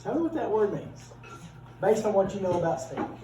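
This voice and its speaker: This middle-aged man's voice is high, animated, and mellow, and he speaks fairly quickly while teaching a class. He is folksy and joking, chatting casually with his students. The mic is far away, so the roomy classroom sounds distant.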